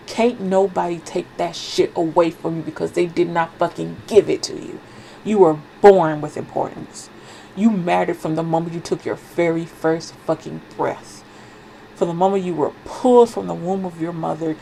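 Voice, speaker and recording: A woman with a low, gravelly voice delivers a spiritual reading with fierce conviction, swearing for emphasis and repeating phrases to hammer them home. Her tone is dark and mellow, and she sounds stuffy with a cold, sniffling between lines. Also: normal speed, a little hiss or hum, low-quality recording. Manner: fervent, profane, emphatic repetition. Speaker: spiritual reader. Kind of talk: impassioned oracle card reading.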